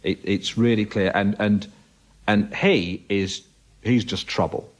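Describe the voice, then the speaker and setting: An actor playing a smug, tactless chat show host who fumbles and hesitates, recorded in a radio studio. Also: male voice, fairly low pitch, steady tone, slow. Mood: awkward. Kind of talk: radio comedy acting.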